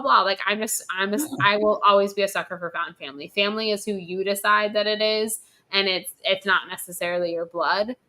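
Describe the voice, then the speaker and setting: Young woman podcast co-host, bright and punchy delivery, emphatic rants with casual swearing. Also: on the low side. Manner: emphatic, animated, swears freely. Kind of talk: casual ranting chat.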